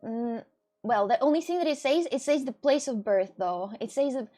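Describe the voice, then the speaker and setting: A woman vlogger in casual chat, arguing her point with halting restarts and fillers. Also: a little high, expressive, mellow.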